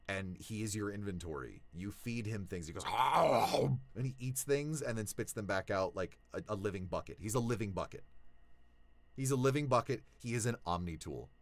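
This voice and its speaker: A young male voice actor talking casually to his viewers, animated, swinging between low mutters and excited shouts. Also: moderate pace, hardly any pauses. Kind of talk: casual vlog talk.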